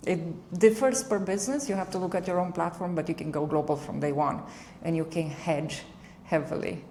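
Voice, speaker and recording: A woman who founded a tech company, speaking as a podcast guest in a brisk, confident way, often saying "you know". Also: fairly low pitch, steady tone, mellow, slight background noise. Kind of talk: conversational interview.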